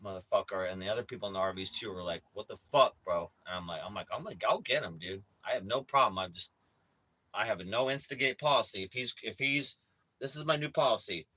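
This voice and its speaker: A man telling viewers a street story in casual, profane talk, acting out his own lines louder as he retells them. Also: fairly low pitch, fast talker, low-quality recording. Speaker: vlogger. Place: RV neighborhood in Los Angeles.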